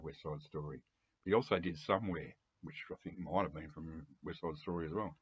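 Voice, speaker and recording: An Australian man in his seventies, rambling chattily with chuckles and throat-clearing in a lo-fi home recording. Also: deep voice, a little hiss or hum. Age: 70s. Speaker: music collector video host. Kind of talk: casual rambling monologue to camera.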